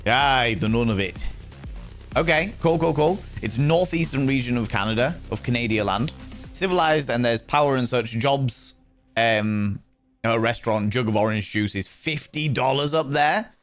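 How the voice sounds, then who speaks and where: A man's voice: medium pitch, normal speed, faint music behind. A man streaming live and chatting casually, playfully teasing and greeting his viewers by name.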